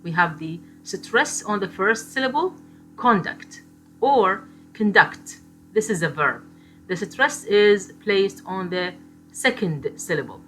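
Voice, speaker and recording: A woman with Arabic as her first language teaching a phonetics lecture in English, explaining slowly and repeating example words, with Arabic asides. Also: medium pitch, animated, fairly bright tone, faint music behind.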